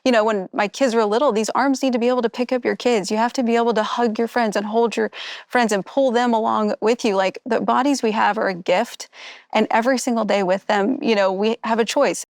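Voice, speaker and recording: A middle-aged woman tells her story in an animated, candid way, slipping into the voices of the people she quotes. Her voice sits a little high, and the recording is dry and close with no room sound. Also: a little fast, no echo. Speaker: former contestant. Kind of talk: candid interview chat.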